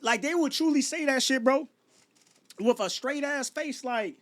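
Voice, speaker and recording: Man, 30s, high voice, late-night rant, stammering restarts, rhetorical questions. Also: lively intonation, normal speed. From Chicago. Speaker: vlogger.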